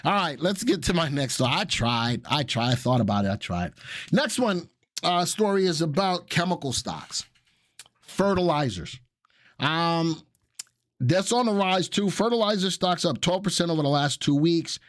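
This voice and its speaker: A man's voice: fairly high pitch, lively intonation, normal speed, fairly bright tone, no room sound, clean studio sound. A man with a Southern US accent, hosting a live stock analysis show and chatting casually with viewers while he walks through charts.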